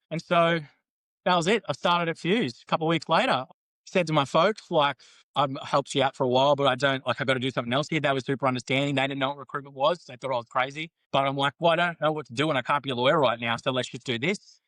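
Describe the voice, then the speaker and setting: A man talks at a brisk clip, blunt and full of swearing, slipping into the voices of the people in his anecdotes. His middling voice sits close and dry on the mic. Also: medium pitch, fairly bright tone, dry recording, rough recording. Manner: candid, sweary, quotes others in banter. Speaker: podcast guest. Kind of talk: casual storytelling interview.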